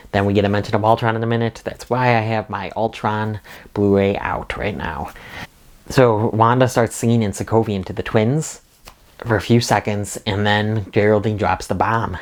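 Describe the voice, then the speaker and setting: A man's voice: lowish voice, fairly even intonation, normal speed. A man hosting a casual spoiler recap and review, talking with eager enthusiasm and a lot of "like" fillers. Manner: enthusiastic, rambling with frequent "like". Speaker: video reviewer and host.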